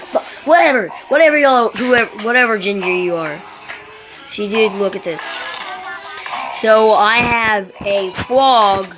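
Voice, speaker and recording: A woman giving rambling, excitable commentary while playing a mobile game, swearing a lot, recorded on a phone mic. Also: medium pitch. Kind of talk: casual gameplay commentary. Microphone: phone microphone during screen recording. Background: game music.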